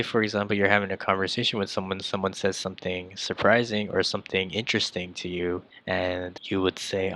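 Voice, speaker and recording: A man with a low voice gives a relaxed online language lesson. His pitch stays fairly even, and his tone has a bright, forceful edge. He talks loosely, with plenty of um and like, and keeps addressing his viewers as guys. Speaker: language teacher. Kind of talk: casual explanatory lesson.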